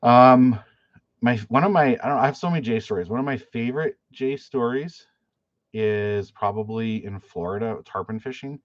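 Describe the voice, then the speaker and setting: A man's voice: medium pitch, moderate pace, no room sound. A man, a fishing guide, chatting casually on a live stream, telling stories with many restarts and fillers. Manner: rambling storyteller with many restarts and "like". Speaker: fishing guide and YouTuber hosting a live chat. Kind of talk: casual live-stream chat, reading viewer questions. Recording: dull, lo-fi, dry sound.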